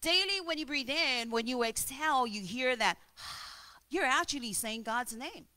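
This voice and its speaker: A woman preaching a sermon, telling stories and demonstrating slow breaths. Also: sits high, animated, sharp tone.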